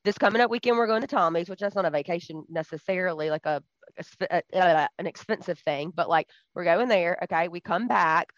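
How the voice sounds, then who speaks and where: Lady rambling on a podcast, kinda low voice, dry muffled sound. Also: a little fast, no room sound. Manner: teasing, chatty, rambling. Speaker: podcast co-host. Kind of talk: casual chat. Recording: dull lo-fi sound.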